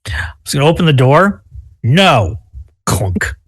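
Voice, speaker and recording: A man playing a tabletop game, joking and animated. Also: a little high, unhurried, slightly rough. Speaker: player. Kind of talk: casual tabletop play.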